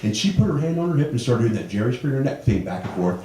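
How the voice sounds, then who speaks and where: Animated stand-up comic in his fifties. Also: quick pace, a crowd in the background. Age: 50s. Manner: animated storytelling, jumps high for quoted voices. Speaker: stand-up comedian. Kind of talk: stand-up comedy set. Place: comedy club stage. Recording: roomy club with audience laughter. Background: audience laughing.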